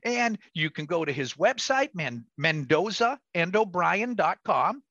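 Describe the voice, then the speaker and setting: A man's voice: sits high, sing-song, unhurried, sharp tone, no echo, highs cut off. A middle-aged man hosting a radio show talks in an enthusiastic, promotional way and often corrects himself. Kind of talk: casual radio talk.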